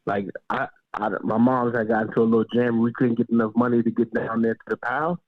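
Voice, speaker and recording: A man hosting a boxing podcast talks casually and excitably, slangy and tacking "man" onto his sentences. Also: mid-range voice, a little fast, no echo. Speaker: podcast host. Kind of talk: casual interview talk. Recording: tinny phone-like line, dry.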